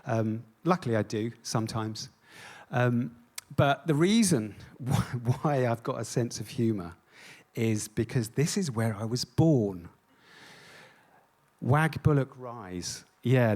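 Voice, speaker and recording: A man's voice: medium pitch, a little mellow. A man giving a stage talk as an artist. He is self-deprecating and jokey, with many ums. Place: on stage before an audience.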